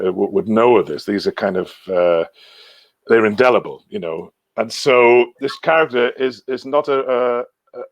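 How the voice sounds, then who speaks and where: A man's voice: lowish voice, creaky, no room sound. A man, a guest singer from Wales, chatting casually in a rambling way, often trailing off and chuckling. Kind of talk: casual chat.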